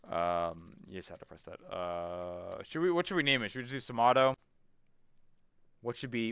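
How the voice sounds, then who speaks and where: Guy streaming a game, deep smooth voice, talks to himself, reads menus out, swears a bit, dry close mic. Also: pushed and bright, no room sound. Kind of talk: casual let's-play commentary.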